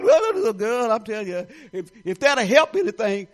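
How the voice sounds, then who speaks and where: An older woman pastor from Detroit giving a folksy, animated sermon, talking straight to the congregation with laughing asides. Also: on the high side, moderate pace. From Detroit, Michigan.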